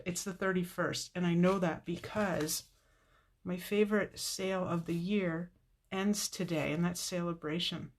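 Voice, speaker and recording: A woman hosting a casual live card-making tutorial, chatting to viewers by name and laughing often. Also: fairly low pitch.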